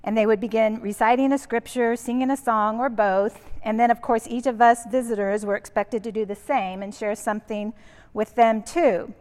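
A woman earnestly recounting a church mission trip with gentle humor and frequent "um"s, in a church hall. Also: on the high side, steady tone, moderate pace. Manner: earnest, warm-humored, uses fillers like um and kinda. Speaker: mission trip member sharing stories. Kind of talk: casual storytelling. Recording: reverberant hall.

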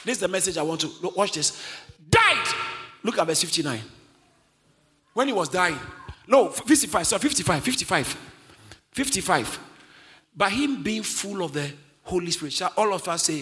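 A male preacher delivering an emphatic sermon, often shouting and getting the congregation to repeat lines. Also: high-pitched, lively intonation, moderate pace. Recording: long hall reverb.

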